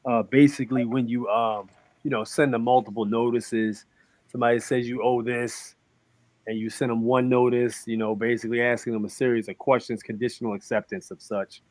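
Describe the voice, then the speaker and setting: A man chatting casually on a podcast, telling about his work in a flat, easygoing way. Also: mid-range voice, brisk, no room sound.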